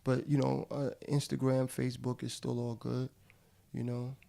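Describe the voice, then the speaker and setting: A man's voice: medium pitch, little pitch movement, moderate pace, creaky, dark tone. A middle-aged man who is a guest actor, talking casually on a podcast in slangy, loose speech. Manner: slangy and loose, calls people bro. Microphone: studio podcast mic.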